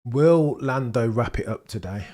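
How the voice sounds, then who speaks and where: A young man hosting a live watchalong stream, chatting excitedly with his viewers and bantering as he goes. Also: medium pitch, a little slow.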